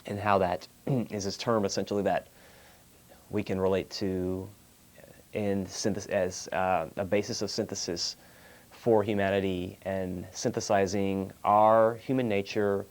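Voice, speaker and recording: A man with a Texan accent hosts a call-in show, talking about spirituality unscripted and meandering, with many fillers and restarts, and he often clears his throat. His voice is low-pitched and flat, at a measured pace.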